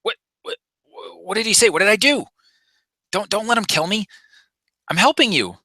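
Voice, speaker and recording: A man's voice: medium pitch, expressive, normal speed, bright, forceful tone, no echo, pitched above the performer's own voice. A man voicing a nervous, shifty male Rhodian worker who stammers and pleads. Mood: panicked.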